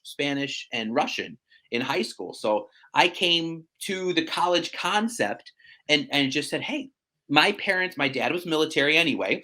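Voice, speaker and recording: A man, a real estate agent chatting as a podcast guest, animated and self-deprecating with quick asides. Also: mid-range voice. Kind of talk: casual podcast conversation.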